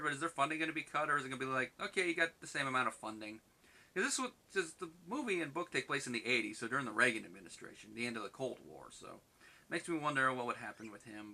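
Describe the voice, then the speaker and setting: A man giving a casual spoken book review, rambling loosely and acting out quoted lines in quick bursts. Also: medium pitch, bright, forceful tone.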